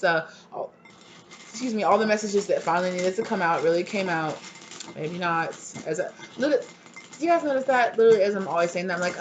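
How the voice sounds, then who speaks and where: A tarot reader giving a casual pick-a-card reading, rambling with lots of filler likes and sudden excited bursts. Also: mid-range voice, a little hiss or hum.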